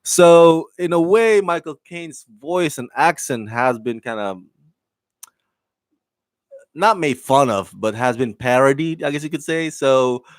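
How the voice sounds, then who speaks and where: A man's voice: a little high, animated, measured pace, no echo. A man giving a casual spoken review of a TV show, enthusiastic and rambling, with many fillers, restarts and laughs.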